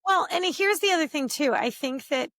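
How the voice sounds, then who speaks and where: Woman, Delco accent, high pitch, animated, casual chat, dry recording. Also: moderate pace, no room sound. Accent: Philadelphia (Delco). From Delaware County, Pennsylvania. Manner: animated, laughing, piles on examples. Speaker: podcast co-host. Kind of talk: casual chat over drinks.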